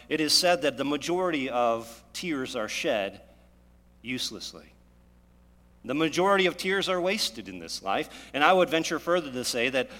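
A man's voice: medium pitch, a bit bright. A man preaching a sermon, retelling scripture with dramatic storytelling and rising emphasis. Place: church. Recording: long hall reverb.

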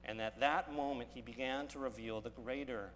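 A man preaching an expository sermon as pastor, earnest, building loud and slow on key words and dropping to quiet asides. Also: mid-range voice, steady tone, big-room sound, a little hiss or hum.

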